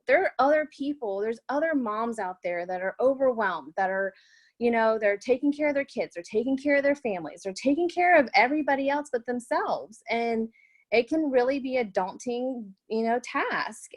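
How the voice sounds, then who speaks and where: A young woman, a new health coach, telling her story in an earnest, rambling way with many fillers. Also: a little high. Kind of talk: webinar testimonial.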